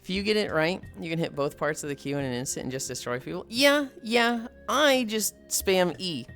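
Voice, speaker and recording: A streamer chatting casually and joking profanely while walking and playing, launching into high put-on voices to quote people. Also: normal speed, faint music behind. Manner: animated, jumps into high put-on voices when quoting people.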